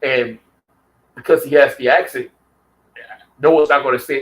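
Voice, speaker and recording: A man's voice: medium pitch, fairly even intonation, normal speed, fairly bright tone, poor audio. A man ranting heatedly in a casual vlog, swearing constantly and repeating himself for emphasis. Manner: heated, profane, repetitive. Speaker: vlogger. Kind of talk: profane rant.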